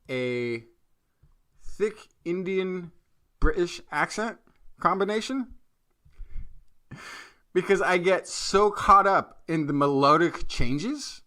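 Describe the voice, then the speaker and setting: A man co-hosting a science show talks in an animated, joking way, stumbling and correcting himself as he goes. His voice is fairly high and bright. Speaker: science podcast co-host. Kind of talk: casual science chat.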